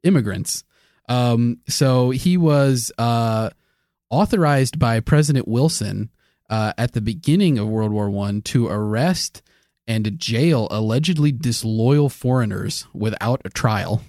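A man's voice: mid-range voice, expressive, darkish tone, dry recording. Guy on a podcast walking thru history, lots of uhs and ums, laughs a bunch, dry close mic. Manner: halting, many filler sounds, quick to laugh. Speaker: podcast co-host presenting the history research. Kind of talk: casual podcast chat.

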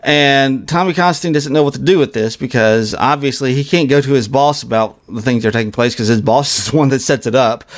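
A male podcast co-host talking casually through a TV episode with a plain, mid-pitched voice. He stumbles and repeats his words, restarting as he goes. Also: fairly quick, hardly any pauses.

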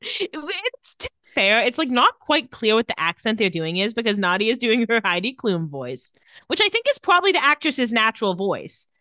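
A woman's voice: fairly high pitch, fairly quick, dry recording, clean studio sound. A woman co-hosting a podcast, chatting casually as she recaps a TV episode and acts out the lines in put-on voices. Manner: animated, quotes characters in put-on voices. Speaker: podcast co-host.

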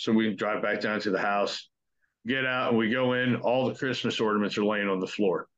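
A man's voice: on the low side, fairly even intonation, moderate pace, a bit bright. A young man casually telling a ghost story, swearing freely and acting out what everyone said. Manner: profane, conversational, acts out quotes. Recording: dull lo-fi recording.

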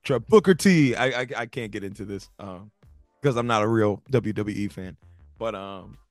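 A man co-hosting a casual movie review chat, talking in animated bursts with stammering restarts and sudden jumps between loud and soft. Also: lowish voice, normal speed, no room sound, faint music behind. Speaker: podcast co-host.

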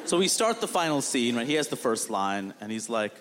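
Animated stand-up comedian in a reverberant hall. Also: male voice, mid-range voice, fairly quick, background noise. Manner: animated, exasperated, acts out quotes. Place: live comedy stage. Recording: long hall reverb with audible room ambience. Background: audience laughter.

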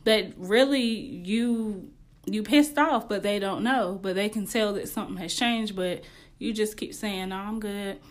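A woman's voice: medium pitch, unhurried. A young woman hosting a podcast, giving casual relationship advice in a candid, slangy way and laughing often. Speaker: podcast host.

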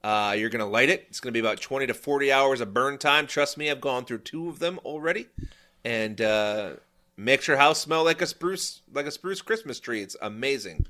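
Bright-voiced man in casual podcast chat. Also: mid-range voice, lively intonation, fairly quick. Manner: rambling, full of restarts and chuckles. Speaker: podcast co-host.

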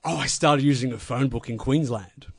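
A man, a wrestling manager guest, telling stories in a crude, deadpan, boastful way full of swearing. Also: medium pitch, normal speed, gravelly, husky, no room sound. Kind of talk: casual storytelling in a podcast interview.

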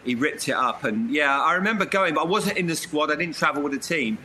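A man's voice: fairly high pitch, fast, sharp tone, a little hiss or hum. A middle-aged man, a former footballer, telling stories in an interview and often laughing as he talks. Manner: laughs through his stories. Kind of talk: anecdotal interview storytelling.

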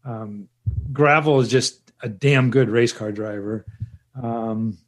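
A man's voice: medium pitch, slow. Hesitant man in casual chat. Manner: hesitant, many restarts and fillers. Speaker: podcast co-host.

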